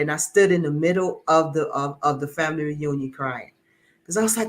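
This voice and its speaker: Speaking a little fast in a high voice, a middle-aged man gives a heartfelt, emotional testimony during an interview. He often repeats himself as he hunts for the right words.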